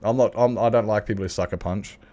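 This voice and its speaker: Australian man, low-ish voice, candid streamer. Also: fast talker, dark tone. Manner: candid, swears freely, frequent laughs. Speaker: livestreamer. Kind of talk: casual chat while gaming.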